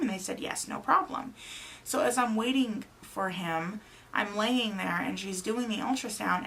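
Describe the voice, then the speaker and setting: A young woman vlogger casually tells a personal story, animatedly acting out the quoted dialogue. Her voice is mid-range with vocal fry, and there's a little hiss or hum in the audio.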